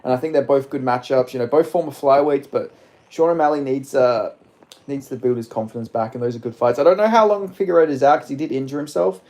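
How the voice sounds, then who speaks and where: A man's voice: mid-range voice, quick pace, a little mellow. A man livestreaming and answering chat, mumbly and rambling, with lots of "like", into a phone set down a bit. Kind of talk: casual live stream chat.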